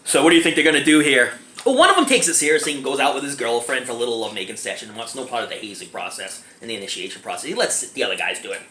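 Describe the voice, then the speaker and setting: A man giving a casual movie review, animated and giggly, keeps breaking into laughter. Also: mid-range voice, very fast. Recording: echoey room, faint background noise.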